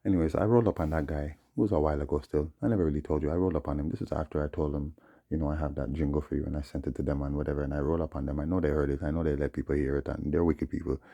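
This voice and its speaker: A man's voice: a bass voice, steady tone, racing, creaky, warm tone. A man, ranting in a rambling, indignant monologue full of muttered asides. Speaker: vlogger.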